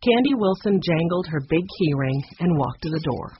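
A man narrating a children's chapter book in a lively, expressive reading with a husky voice. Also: fairly high pitch, moderate pace, muffled recording, slight background noise. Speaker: audiobook narrator.

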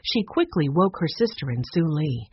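A woman narrating a children's storybook aloud in an expressive, lively reading. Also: low voice, moderate pace, husky, no room sound, dull audio.

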